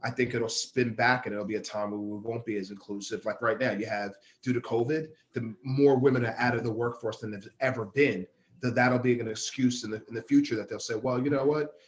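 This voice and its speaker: A man who is a guest on a casual podcast, giving earnest, measured opinions. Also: mid-range voice, steady tone.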